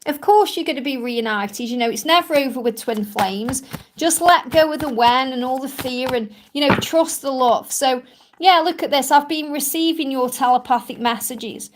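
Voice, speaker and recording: A woman's voice: high-pitched, moderate pace, noisy background. A woman from England with a strong Stoke-on-Trent accent, chatting and reassuring viewers as a spiritual reader in a live stream Q&A. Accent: Stoke-on-Trent English. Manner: chatty, reassuring, many "you know" fillers.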